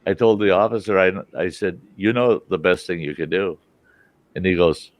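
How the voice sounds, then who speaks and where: A man's voice: deep voice, moderate pace, no echo. A middle-aged man hosting a live stream, telling a long, profane story and acting out the other people's voices. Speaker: host. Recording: dull lo-fi stream audio.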